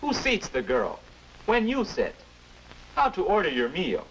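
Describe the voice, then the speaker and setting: A man's voice: high-pitched, wildly swooping pitch, unhurried, fairly bright tone, a little hiss or hum, exaggerated voice, poor audio. A man playing an earnest 1950s lecturing future self. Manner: earnest, instructive. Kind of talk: 1950s educational film narration.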